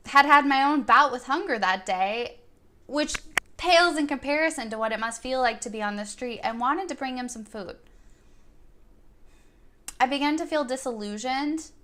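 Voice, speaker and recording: A young woman vlogger telling a personal story in an earnest, thoughtful way. Her voice sits a little high and sounds bright and clear. She quotes her own words as she goes. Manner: earnest and thoughtful, quoting herself in dialogue. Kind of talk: reflective first-person storytelling.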